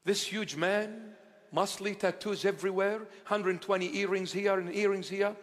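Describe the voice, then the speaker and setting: Preacher, male, affectionate and playful, bursts out loud at times, voice higher than usual, echoing church hall. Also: fairly even intonation, normal speed. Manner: tender, playful preaching with sudden loud outbursts. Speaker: bishop. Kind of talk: sermon.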